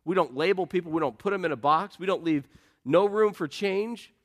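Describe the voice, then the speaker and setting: A middle-aged pastor with a high, brisk, slightly bright voice preaches earnestly and conversationally. He puts questions to the congregation and shares personal stories.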